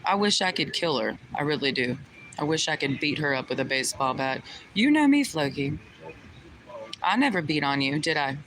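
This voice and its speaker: Speaking to her livestream chat, a young woman with a low voice and lively intonation sounds indignant and swears, repeating the same rhetorical questions over and over at a normal speed. The low-quality recording has loud vehicle noise in the background.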